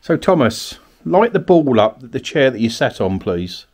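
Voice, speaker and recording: A man's voice: mid-range voice, very animated, a little slow, darkish tone. A man from Kent, a paranormal investigator in an abandoned cottage at night, calling out politely to spirits and coaxing them to answer. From Kent, England. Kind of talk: ghost-hunting narration.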